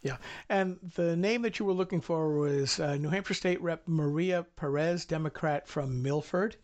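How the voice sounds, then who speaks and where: A middle-aged man co-hosting a political talk show, talking in a rambling, folksy way with frequent halting restarts. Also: on the high side, darkish tone.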